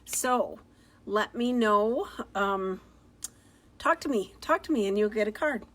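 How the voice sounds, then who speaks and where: A woman's voice: mid-range voice, lively intonation, slow pace, a bit bright. A cheerful, talkative middle-aged woman running a live card-making demo, recorded on a phone. She keeps an easy, upbeat chatter going, greeting viewers by name as she works. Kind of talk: casual live-stream craft demo.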